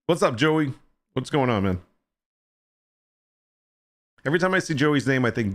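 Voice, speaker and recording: A man's voice: mid-range voice, big pitch swings, normal speed, long pauses, a bit bright. A man hosting a casual livestream chat, joking with and teasing viewers and greeting them by name. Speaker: livestream host.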